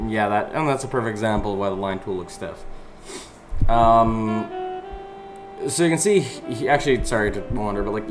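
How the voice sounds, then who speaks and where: A young man with a lowish voice rambles loosely over a speed drawing, full of fillers and offhand swearing. He talks into a desk mic at home, with music playing behind him. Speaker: artist narrating his speed drawing. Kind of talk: casual rambling voice-over commentary. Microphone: desk microphone, recorded separately over the video. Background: background music.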